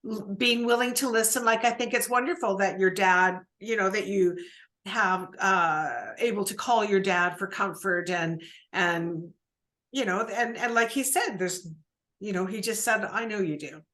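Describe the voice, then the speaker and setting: A woman's voice: medium pitch, unhurried, fairly bright tone. A woman hosting an interview, asking rambling questions with many restarts. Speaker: podcast host. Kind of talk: casual interview conversation.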